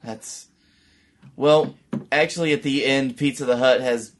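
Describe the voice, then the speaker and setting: A man with an ordinary mid-range voice chats on a comedy podcast. He stays dry and matter-of-fact, slipping in deadpan jokes. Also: medium pitch, measured pace. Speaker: podcast co-host. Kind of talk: casual comedy podcast chat.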